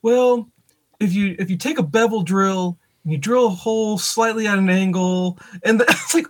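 A man co-hosting a podcast, telling animated stories in casual chat and laughing often. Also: high voice, brisk. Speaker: podcast co-host.

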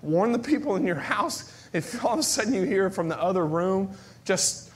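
A man preaching a sermon as pastor, moving from near-whispers to shouted cries and repeating phrases for emphasis. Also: high-pitched, lively intonation, moderate pace.

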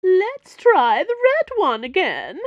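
Lady doing a shrill theatrical diva, high pitched and loud, in a dry read-aloud. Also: wildly swooping pitch, slow, dry recording, dull audio, exaggerated voice. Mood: shrill haughty. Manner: shrieking, haughty, theatrical. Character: brash woman putting on a shrill diva act.

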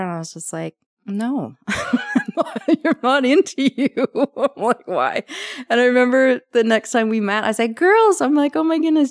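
A woman in her forties shares her story as a podcast guest, in a lowish voice on a dry, close recording. She talks candidly, with many "like"s and restarts, often slipping into quoting her past self. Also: darkish tone, dry recording. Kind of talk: personal storytelling in conversation.

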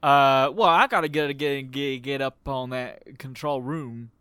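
A man's voice: mid-range voice, unhurried, bright, forceful tone, smooth, no echo. A man playing in a tabletop game, playful and given to silly sound effects. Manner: playful, makes silly noises. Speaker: player. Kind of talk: casual tabletop game chat.

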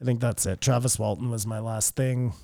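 A man's voice: medium pitch, steady tone, fairly quick, creaky, mellow, dry recording, clean studio sound. A man co-hosting a podcast, chatting casually and rambling, often trailing off mid-thought. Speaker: podcast co-host. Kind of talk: casual chat.

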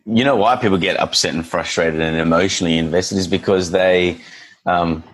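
Brief: deep, husky man; dog trainer telling lively client stories in casual talk. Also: moderate pace, rough recording. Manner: animated storyteller acting out clients and dogs. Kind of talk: casual podcast chat.

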